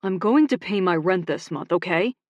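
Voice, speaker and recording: A stubborn man who keeps his answers short and clipped, voiced by a woman narrator reading an audiobook, with a lowish pitch and a close, dry sound. He stays guarded and tight-lipped. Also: animated, normal speed, no echo, dull audio. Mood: defensive. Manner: clipped, defensive replies.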